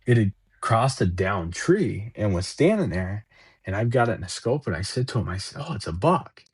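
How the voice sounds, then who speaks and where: A man with a low, husky voice tells a story in a loose, rambling way. He stumbles over and repeats words while acting out bits of dialogue. The sound is close and dry. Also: big pitch swings, normal speed, no room sound. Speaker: podcast guest. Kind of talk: casual storytelling.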